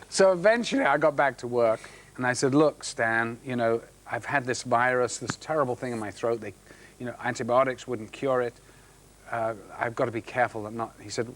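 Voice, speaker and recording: A middle-aged man, an actor guest on a chat show, telling a story with halting restarts and acting out the voices of the people in it. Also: mid-range voice, fairly bright tone.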